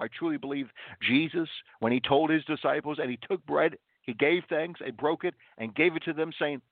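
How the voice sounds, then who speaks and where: This radio sermon comes from a man with a mid-range voice who preaches earnestly, leaning on stressed words and rhetorical questions he repeats. The broadcast sound is dry, tinny and phone-like.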